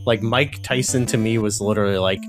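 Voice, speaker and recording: A man's voice: on the low side, fairly even intonation, brisk, over music. A man co-hosting a podcast in casual chat, rambling with lots of fillers. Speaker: podcast co-host.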